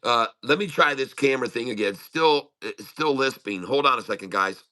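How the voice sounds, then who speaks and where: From home, a middle-aged day-trading host chats on a casual live stream, muttering as he adjusts his audio. He talks at a moderate pace in a mid-range, bright, forceful voice with a slight lisping sound.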